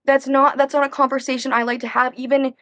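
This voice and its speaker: A nineteen-year-old woman, a podcast guest, telling a personal story frankly in quick bursts full of fillers and restarts. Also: high voice, flat delivery, fairly bright tone, no room sound.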